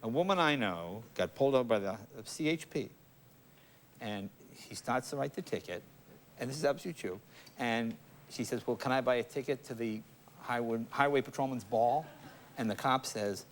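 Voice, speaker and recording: A man hosting a late-night talk show, trading quick jokes and telling anecdotes. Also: medium pitch. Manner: jokey, quick quips, tells anecdotes. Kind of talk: casual chat. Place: TV studio with live audience. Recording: broadcast studio with audience noise.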